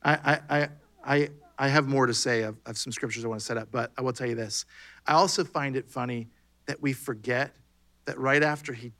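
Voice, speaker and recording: A man's voice: medium pitch, fairly even intonation, a little fast, a bit bright. A man preaching a sermon in a conversational way, acting out bits of dialogue as he goes. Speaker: pastor.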